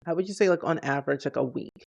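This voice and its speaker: A man's voice: on the high side, quick pace, gravelly. A man hosting a casual interview, enthusiastic and peppering his questions with "like". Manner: enthusiastic, heavy use of "like". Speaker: podcast host.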